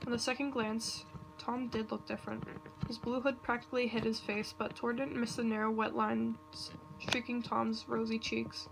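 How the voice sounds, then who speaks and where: A woman reads a fan story aloud with nervous, halting delivery. Her voice sits slightly high with a gravelly fry. The home recording is noisy, with computer clicks in the background. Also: level tone. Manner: nervous, self-interrupting reading with asides. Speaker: reader. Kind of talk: reading fan fiction aloud.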